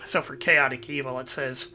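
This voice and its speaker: A man hosting his own video, giving a measured, explanatory voice-over. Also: mid-range voice, steady tone, pushed and bright, a little hiss or hum. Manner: measured, explanatory, citing sources. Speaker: YouTube host.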